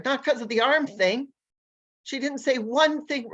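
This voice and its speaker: A woman language coach and educator, telling stories in an animated, energetic way during a casual interview. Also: on the high side, moderate pace, dull audio. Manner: animated, energetic storyteller who acts out voices.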